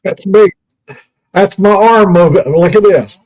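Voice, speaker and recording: A man joking loudly in a casual group voice chat. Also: high-pitched, steady tone, a little slow, lo-fi sound.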